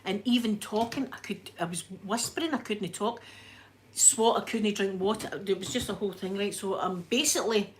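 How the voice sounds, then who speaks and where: A woman's voice: mid-range voice, normal speed. Glaswegian woman chatting to her livestream chat, bit breathless, faint hiss behind her. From Scotland. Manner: chatty, animated storyteller, reads out chat names. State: a bit breathless after illness. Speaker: livestream host. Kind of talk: casual chat with live viewers.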